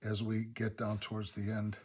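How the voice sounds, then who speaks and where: A man with a slightly husky voice demonstrates a watercolor painting in his studio. He talks in a relaxed, unhurried way, thinking aloud about each step as he works. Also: fairly low pitch. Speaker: watercolor instructor.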